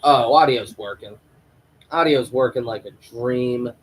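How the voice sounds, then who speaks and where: A man's voice: mid-range voice, unhurried, a little hiss or hum, low-quality recording. A man hosting a live stream review of a TV episode, ranting and rambling in a casual, profane way into a home microphone.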